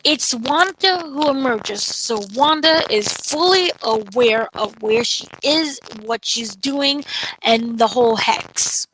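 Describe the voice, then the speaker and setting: A woman with a bright, forceful, rather high voice talks through an episode recap in loose, casual chat. She retells scenes with lively energy and slips into playful little voices. A faint hiss sits under the recording. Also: slow pace, rough recording. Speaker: entertainment editor, co-host.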